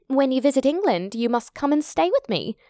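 A prickly young woman on holiday, feverish and short-tempered, speaking high and clipped, as a woman reads her part in a storybook. The recording is close and dry, with no room sound. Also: big pitch swings, a little fast, dark tone, no echo. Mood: friendly.

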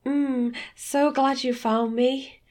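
A woman doing a soft pleading virtual lover. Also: sits high, fairly even intonation, slow, pitched above the performer's own voice.

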